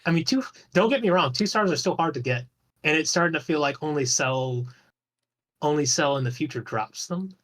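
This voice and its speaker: A man's voice: a little high, expressive, normal speed, fairly bright tone. A man talking as a guest on a podcast in a loose, rambling way, swearing casually and restarting his sentences often. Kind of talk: casual chat about an online game.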